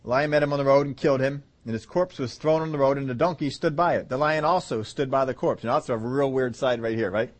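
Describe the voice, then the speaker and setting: This sermon comes from a fast-talking man with a medium-pitched voice who leaves few pauses. He keeps it humorous, laughing often, joking, and voicing the characters as he acts out the story's scenes.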